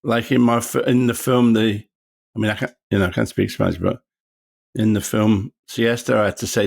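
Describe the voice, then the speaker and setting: Gravelly older man. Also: on the low side, fairly even intonation. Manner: rambling, halting restarts. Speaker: podcast host. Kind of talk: casual chat.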